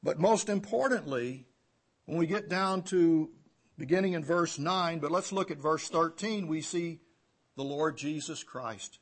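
A man preaching an expository sermon, teaching verse by verse and moving between loud emphatic runs and hushed low phrases. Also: measured pace. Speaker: pastor.

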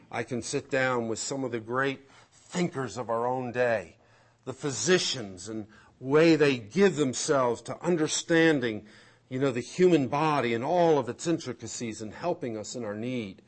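A man preaching a sermon, swinging from loud emphatic peaks to hushed asides. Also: mid-range voice. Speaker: pastor.

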